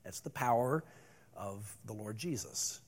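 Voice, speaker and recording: A middle-aged male pastor preaching a sermon, moving between loud emphasis and hushed calm. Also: lowish voice, measured pace.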